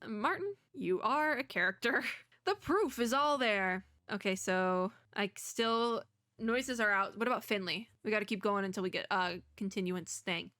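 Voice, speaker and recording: A woman's voice: mid-range voice, normal speed, pushed and bright, no room sound, studio quality. A young woman giving playful, teasing commentary while playing a video game. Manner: playful, laughing, teasing the characters. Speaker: gaming video creator.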